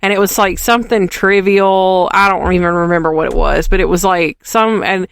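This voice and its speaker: Laid-back podcast co-host. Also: female voice, fairly low pitch, vocal fry, clean tone, no room sound. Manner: relaxed, lots of "like" and quick agreement. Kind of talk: casual chat.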